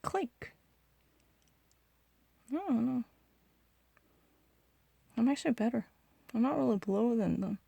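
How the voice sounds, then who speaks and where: A young woman whose first language is Korean chats casually while gaming, her slightly high voice expressive, creaky, and a bit rough at normal speed with frequent pauses and no echo. She's boastful and defensive, loudly insisting on her points and switching languages mid-thought.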